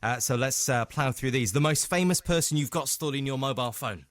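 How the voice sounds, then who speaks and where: A man with a British accent hosting a radio interview, chatty and teasing, firing off quick questions. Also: mid-range voice, no room sound. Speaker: radio host.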